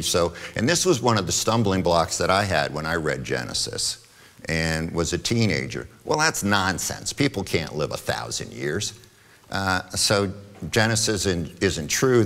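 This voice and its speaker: A man with a very deep voice gives an adult forum talk at church in a room with long reverb. He lectures in a relaxed, conversational way, pausing often with fillers, restarting and correcting himself, and sometimes reads passages aloud from his notes.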